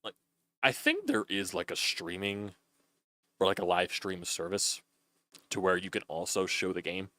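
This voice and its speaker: A man's voice: deep voice, big pitch swings, moderate pace, long pauses, pushed and bright, no echo. A young man doing loose, chatty play-by-play on a live stream, swearing freely as he calls a baseball game.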